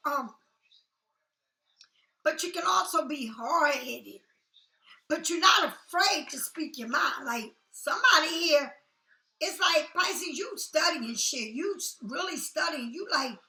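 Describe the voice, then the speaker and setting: Blunt, sassy female tarot reader, high and bright, echoey room. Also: lively intonation, a little slow. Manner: blunt, sassy and talkative, swears freely. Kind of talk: casual tarot reading.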